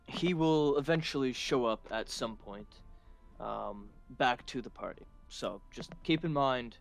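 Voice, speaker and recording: A man playing a tabletop game, chatting in a lively, jokey way. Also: mid-range voice, measured pace, creaky, faint music behind. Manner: lively, jokey in-character play. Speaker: player. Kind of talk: casual game table chat.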